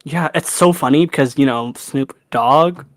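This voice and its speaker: Animated young man chatting. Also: on the high side, unhurried, no echo. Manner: animated, swears freely, laughs often. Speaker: podcast co-host. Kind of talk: casual chat.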